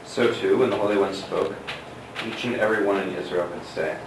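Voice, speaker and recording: A male student reading a text aloud in class, slow and careful with hesitations. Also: sits low. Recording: distant voice in an echoey room with noise.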